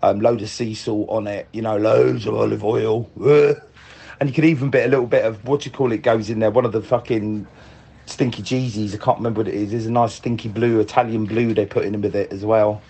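A man's voice: on the low side, steady tone, fairly quick, gravelly, dark tone, slightly rough. A man leaving a rambling, jokey voice message to a podcast, swearing freely. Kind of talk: casual voice message.

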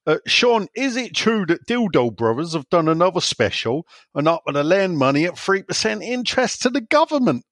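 A man's voice: high voice, very animated, normal speed, hardly any pauses, a bit bright, dry recording. A man hosting a casual podcast, joking around and reading listener questions aloud. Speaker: podcast host.

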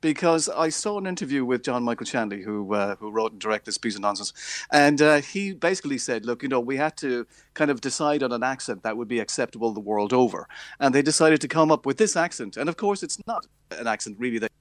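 Male film critic on radio, dry close sound, talky and opinionated, mid-pitched. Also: expressive, quick pace, dry recording. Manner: opinionated, scathing, chatty with many fillers. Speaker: movie reviewer. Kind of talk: casual radio chat.

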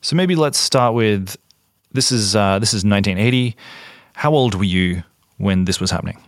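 Australian male podcast host, low voice, dry close mic, chatty narration with ums. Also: normal speed, dry recording. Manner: conversational with fillers and restarts. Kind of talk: casual storytelling narration.

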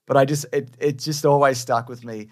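A man in casual podcast chat rambles through a teaching story, fillers and swearing throughout. His voice sits at a middling pitch for a man. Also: steady tone, brisk, a little mellow. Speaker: podcast co-host, former teacher.

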